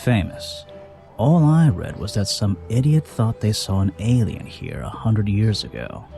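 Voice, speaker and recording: An actor playing a gruff, skeptical male detective in a video game, talking with a sarcastic edge. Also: fairly low pitch, big pitch swings, unhurried, dark tone, faint music behind, full character voice.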